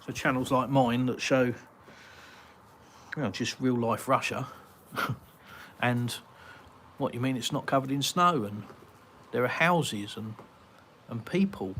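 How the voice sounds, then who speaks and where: Speaking slowly with long pauses, an English man of medium pitch and fairly bright tone hosts a casual live Q&A in his garden. He reads viewer comments aloud, chatty and rambling, with many ums and uhs over a little hiss or hum.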